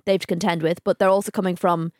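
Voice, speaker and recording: Chatty woman, lowish voice. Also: flat delivery, racing, a little mellow, no room sound, studio quality. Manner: chatty and enthusiastic, teasing. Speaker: podcast co-host. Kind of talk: casual football chat.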